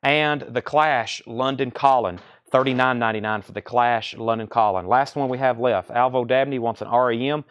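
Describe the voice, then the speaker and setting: A man hosting a live-streamed record sale, briskly listing titles and prices and taking bids in a casual selling patter. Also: mid-range voice, a bit bright, clear, resonant tone, lo-fi sound. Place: record shop.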